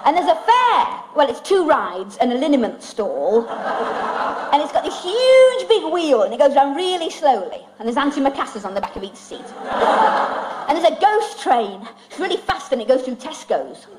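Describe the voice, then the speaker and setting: A woman's voice: high voice, big pitch swings, moderate pace, background noise. A woman comedian, singing comic songs and doing dry, self-mocking stand-up in front of an audience. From England. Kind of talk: live stand-up and comic song. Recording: old vinyl record with music and audience.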